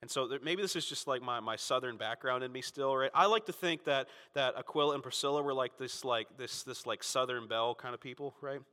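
A man from Florida preaching a Sunday sermon as pastor, emphatic and fervent, swinging between loud peaks and quiet asides. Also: fairly quick, few pauses, in a large hall. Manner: emphatic, rising to fervent peaks then dropping low.

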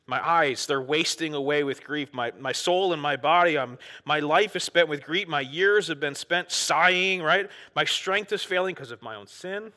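A man preaching a sermon in a casual, conversational way, acting out quoted prayers with a rising, excited voice. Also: on the high side, fairly quick, big-room sound. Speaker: pastor.

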